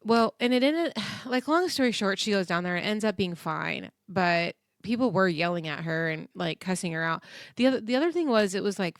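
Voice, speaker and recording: A woman's voice: mid-range voice, no room sound. Chatty woman recapping a show, dry sound. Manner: chatty, animated, laughs often, acts out quotes in different voices. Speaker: podcast host recapping a reality show. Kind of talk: casual chat.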